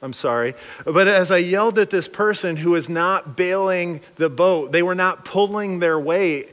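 A man preaching a sermon through a funny, animated story, acting out the people he quotes. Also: high-pitched, a little slow, big-room sound. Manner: animated, joking, acts out quotes.

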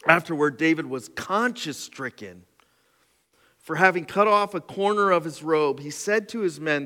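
A man's voice: a little high, pushed and bright. A male pastor preaching a sermon, reading scripture and breaking off for joking asides. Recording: long hall reverb.

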